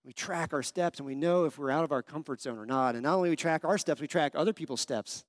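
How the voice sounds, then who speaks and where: A young male pastor speaks quickly in a fairly high, bright voice, delivering a conversational sermon full of stories and questions for his listeners. The recording is dry and close, with almost no room echo.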